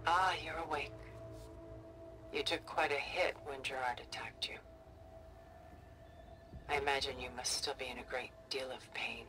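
An actress voicing a calm, refined older woman ally in a video game cutscene, measured and reassuring, softly spoken. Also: extremely low pitch. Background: game music.

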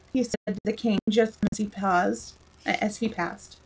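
A woman storyteller reading a classic storybook aloud in a lively, expressive way. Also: mid-range voice, moderate pace, vocal fry, a little hiss or hum, low-quality recording.

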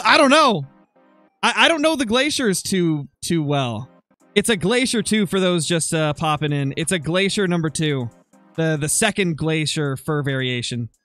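A young man commentating his hunting game live on stream, excitable and quick to swing into loud frustration. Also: high voice. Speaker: gaming streamer.

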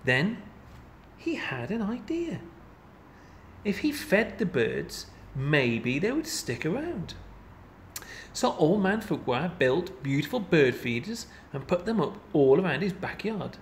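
A man reading a children's picture book aloud in an expressive, playful storytelling manner. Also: on the high side, slow, a little hiss or hum. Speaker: storybook reader.

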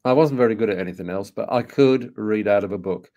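Brummie guy in his 60s telling a story to a crowd, lowish voice, asks lots of questions, stumbles and restarts. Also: quick pace, dark tone, dull audio. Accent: Birmingham English. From England. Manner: anecdotal, rhetorical questions, frequent hesitations and restarts. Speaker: speaker and co-author. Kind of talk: storytelling talk to an audience.

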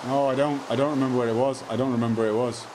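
A man streaming live gameplay, muttering to himself, repeating lines and breaking into excited outbursts. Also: mid-range voice, racing, background noise.

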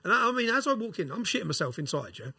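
A man telling a prison story as a podcast guest, animated, swearing and using slang. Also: high voice, very fast, vocal fry, husky. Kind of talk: casual storytelling.

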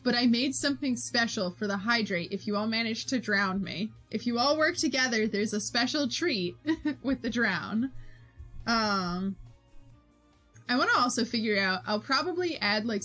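A woman's voice: a little high, expressive, normal speed, pushed and bright, faint music behind. A young woman streamer chatting casually with her viewers while she draws, giggling often and reading their messages aloud. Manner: giggly, reads chat aloud, bubbly. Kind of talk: casual chat while drawing.

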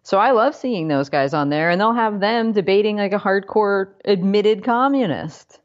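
A woman's voice: mid-range voice, expressive, normal speed, dull audio. A woman co-hosting a podcast, chatting casually and wryly about politics with sarcastic asides. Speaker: podcast co-host.

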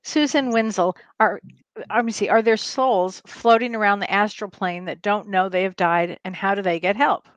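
A woman's voice: mid-range voice, fairly even intonation, normal speed, dry recording. A woman co-hosting a live talk show, reading out viewer questions and reacting with short exclamations. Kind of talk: casual live-show chat.

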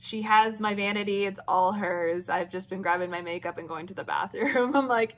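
A woman's voice: medium pitch, steady tone, moderate pace, few pauses. Chatty woman vlogger in an echoey room. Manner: rambling, many "like" fillers, laughs often. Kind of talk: casual vlog chat. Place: room at home.

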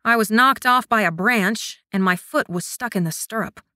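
A woman's voice: on the high side, normal speed, pushed and bright, no echo, clean studio sound. Woman reading as a stubborn young woman warrior. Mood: sour. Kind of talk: audiobook narration.

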